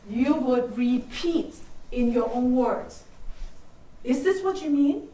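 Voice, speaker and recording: An older woman leads a soft-skills seminar in a high, light voice, checking in with the room through constant questions. She is heard from a distance in an echoey room. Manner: coaching, peppers with "right?" and questions to the audience. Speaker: workshop speaker.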